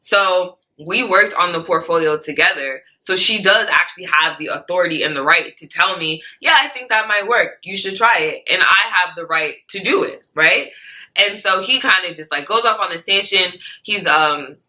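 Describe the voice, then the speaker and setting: A young woman with a very bright, sharp voice tells a story as an interview guest. She is animated, acts out what other people said, and keeps checking in with "right?" and "like". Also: lowish voice, normal speed, rough recording. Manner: animated, acts out quoted speech, many "like" and "right?" fillers. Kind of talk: casual storytelling.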